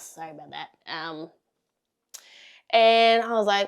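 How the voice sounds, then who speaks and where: A young woman vlogging a casual storytime, blunt and sweary, laughing often and swinging from loud to hushed. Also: lowish voice, animated, moderate pace, pauses often.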